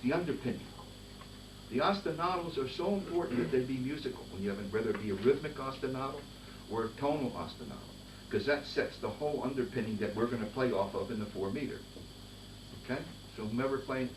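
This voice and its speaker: Man conductor singing rhythms in a rehearsal. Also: mid-range voice. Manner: sings rhythms in nonsense syllables while explaining; brisk, directive coaching. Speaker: conductor teaching a master class. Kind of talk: band rehearsal instruction. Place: rehearsal room with a band. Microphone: distant recorder. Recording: echoey room, far from mic, noisy.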